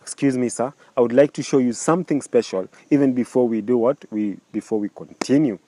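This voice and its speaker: A man's voice: mid-range voice, brisk, warm tone, dry recording, natural voice. A man voicing an insistent woman who pleads and repeats herself in a raised voice. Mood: pleading.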